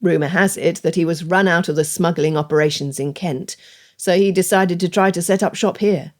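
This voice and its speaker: A woman narrator voicing a gruff, commanding male smuggler ship captain in an audiobook. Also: lowish voice, a little fast, natural voice. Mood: scornful. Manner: curt, commanding.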